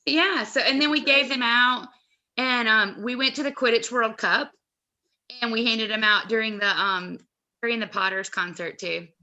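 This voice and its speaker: A woman in a casual live chat, telling an anecdote in an animated, chatty way. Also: a little high, normal speed. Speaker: co-host of a fan merch live chat.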